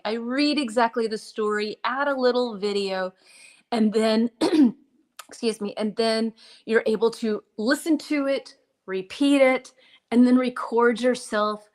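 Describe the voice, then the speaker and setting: Chatty woman teacher, slightly hoarse. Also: fairly high pitch, measured pace. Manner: chatty, clears throat and apologizes often. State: slightly hoarse, drinking mint tea for her voice. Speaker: English teacher. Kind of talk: live-streamed English lesson. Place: home, dishes washing behind her.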